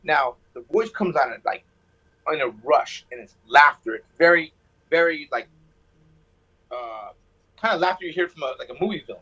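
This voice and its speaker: A man's voice: a little high, animated, moderate pace, pauses often, sharp tone, breathy edge. A man calling in by phone and telling a personal story, rambling and sarcastic, with a hot temper. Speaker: caller. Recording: muffled lo-fi phone line.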